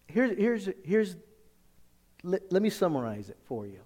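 A man casually recounting a personal faith encounter, animated when quoting others and restarting often. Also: moderate pace, long pauses, long reverb tail. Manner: animated retelling, quoting others with rising pitch, repeated restarts. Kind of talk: casual testimony storytelling.

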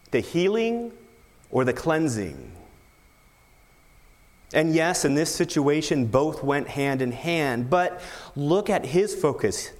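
Slow-preaching man in a reverberant hall. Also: on the high side. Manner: emphatic preaching with rhetorical questions. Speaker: pastor. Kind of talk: sermon.

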